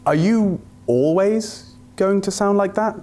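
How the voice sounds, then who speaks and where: A man's voice: high voice, takes it slowly, warm tone. A man hosting an esports comedy sketch, flustered and stammering as he talks. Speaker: esports broadcast host.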